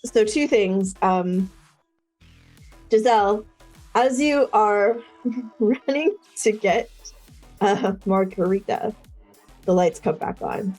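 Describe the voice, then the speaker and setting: Slow, hesitant woman game master. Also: medium pitch, a little mellow, soft background music. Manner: hesitant, many ums. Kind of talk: narrating a tabletop game.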